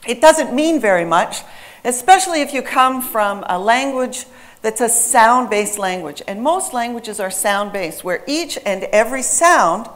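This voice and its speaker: A woman who is a native English speaker giving an emphatic, animated public talk and quizzing her live audience. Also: fairly high pitch.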